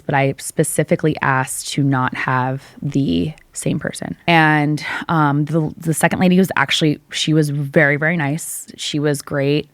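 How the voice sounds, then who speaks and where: A woman's voice: sits low, dry recording. A woman on a podcast, telling a personal story with feeling and acting out both sides of the conversations. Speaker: podcast co-host. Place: podcast studio.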